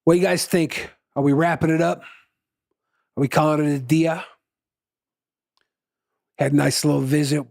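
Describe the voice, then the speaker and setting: A man's voice: fairly high pitch, fairly even intonation, unhurried, gravelly, pauses often, darkish tone, no echo, clean studio sound. A male musician chatting casually with his livestream viewers, rambling, laughing often and swearing freely.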